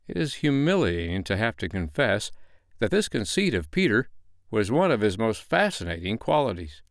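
A man reads a classic novel aloud as a bedtime storyteller, with a lowish voice and lively, rising and falling intonation. The sound is close and dry, with no room around it. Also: dry recording. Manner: expressive, measured reading. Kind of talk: audiobook narration of a classic novel.

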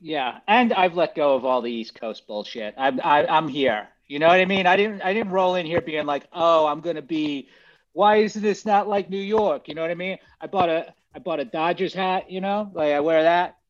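A man, a comedian guest, chatting loosely over a video call, halting and restarting as he goes. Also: a little high, muffled recording.

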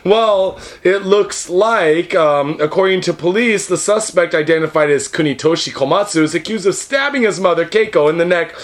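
A man with a fairly high voice co-hosts a podcast in loose, casual chat. He jokes crudely and swears freely. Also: moderate pace, few pauses. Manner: crude, joking, profane. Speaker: podcast co-host.

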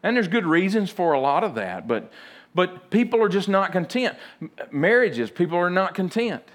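A man's voice: sits high, sing-song, moderate pace, fairly bright tone. A man pastor preaching a folksy, humorous sermon and acting out little everyday scenes.

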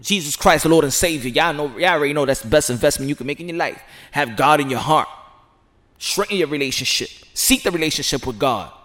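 A man giving casual, excited commentary outdoors, rambling and repeating himself with sudden loud outbursts. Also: on the high side, fairly quick. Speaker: sports commentary vlogger.

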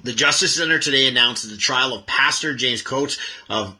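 A man's voice: mid-range voice, moderate pace, bright, forceful tone, poor audio. A man from Canada giving casual video commentary, hesitant and full of restarts, reading out a statement. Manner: hesitant, many fillers and restarts. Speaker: online commentator.

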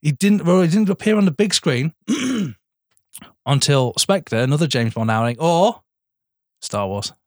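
Here a podcast co-host has a fairly high-pitched voice with lively intonation and an unhurried delivery. He's enthusiastic about films in casual chat, swears, and keeps saying "mate" to his friend. Studio quality, no echo.

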